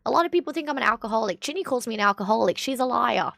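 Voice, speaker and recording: A woman's voice: on the high side, lively intonation, very fast, vocal fry, a bit bright, dry recording, studio quality. A young Australian woman streamer chatting casually and reacting to clips, rambling and laughing often. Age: young adult.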